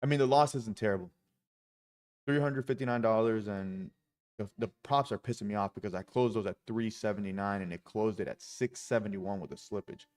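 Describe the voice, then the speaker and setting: Cursing low-voiced man livestreaming trades. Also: fairly quick, a little mellow. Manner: profane, with frustrated outbursts. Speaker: day-trading streamer. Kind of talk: live-streamed trading commentary.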